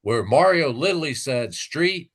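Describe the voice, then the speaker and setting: A man's voice: lowish voice, expressive, a little slow, fairly bright tone. A man hosting a live stream, ranting and mocking in casual, profane chat.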